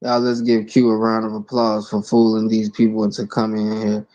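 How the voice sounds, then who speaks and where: A man's voice: fairly low pitch, completely flat delivery, brisk, mellow, lo-fi sound. A man, a podcast guest telling stories in blunt, profane street talk. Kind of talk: casual storytelling.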